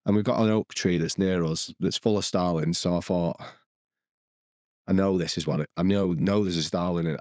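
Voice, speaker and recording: A man with a lowish voice, chatting on a podcast. He rambles through a story with lots of false starts and the odd swear word. The sound is dry and close. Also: darkish tone, no echo. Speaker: podcast co-host. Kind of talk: casual chat.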